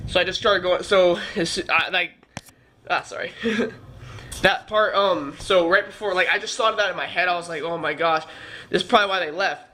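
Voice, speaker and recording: A young man telling a story in a casual vlog, animated, swearing freely and acting out heated arguments while he sounds tired. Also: sits high, fast. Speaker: vlogger.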